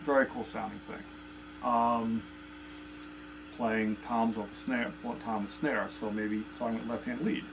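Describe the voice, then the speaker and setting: A man's voice: lowish voice, steady tone, unhurried, poor audio. A man teaching a casual drum lesson, counting beats and chanting stroke names aloud in a loose, chatty way. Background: loud drumming.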